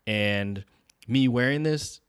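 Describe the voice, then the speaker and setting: A man's voice: medium pitch, takes it slowly, smooth, no room sound. A young man co-hosting a casual podcast chat, rambling loosely and searching for words. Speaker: podcast co-host.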